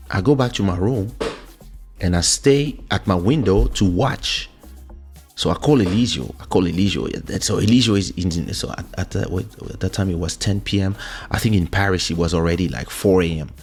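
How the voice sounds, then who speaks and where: A male show host excitedly telling a personal story into a studio microphone, repeating words and restarting as he goes. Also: deep voice, normal speed, husky, faint music behind. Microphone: studio USB microphone.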